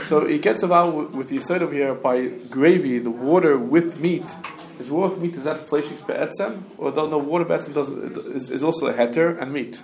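A man teaching a Talmud class to students, talking quickly and restarting often, with Hebrew and Yiddish terms mixed in. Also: a little high, gravelly. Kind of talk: casual Talmud study lesson. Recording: echoey room with faint background noise.

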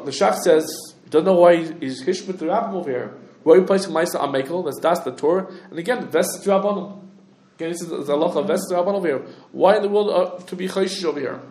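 A man teaching a halachic lecture, talking quickly with restarts and lots of Hebrew and Yiddish terms. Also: fairly high pitch, a little mellow, roomy sound. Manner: rapid, halting, many restarts, heavy Hebrew terms. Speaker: Torah teacher.

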